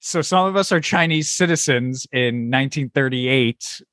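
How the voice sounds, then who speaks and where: A male podcast host sets up an improv game in a loose, rambling way, stopping to laugh and saying lots of "um" and "uh". His voice sits at an ordinary pitch. The sound is close and dry, with no room echo. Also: normal speed, fairly bright tone. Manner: rambling, laughs between phrases, lots of fillers. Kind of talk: casual podcast chat, setting up improv skits.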